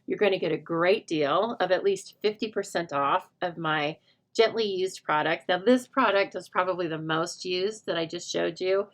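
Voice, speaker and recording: Speaking at an ordinary pace in a voice on the low side, this middle-aged woman demonstrates stamping during a live craft tutorial. Her manner is chatty and jokey, with plenty of thinking out loud and banter with viewers as she goes.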